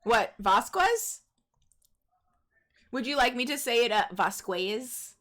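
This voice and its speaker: A woman's voice: fairly high pitch, sing-song, unhurried, fairly bright tone. A young adult woman streamer chatting casually with her audience in a playful, teasing way. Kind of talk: casual gaming stream chat.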